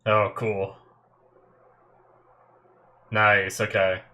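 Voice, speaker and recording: A man thinks out loud as he watches an anime episode, with sudden exclamations and teary, emotional moments. His voice is bright and a little tense, and he talks at an unhurried pace, close to a desk mic. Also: fairly low pitch, little pitch movement. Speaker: anime reaction host. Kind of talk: live reaction commentary.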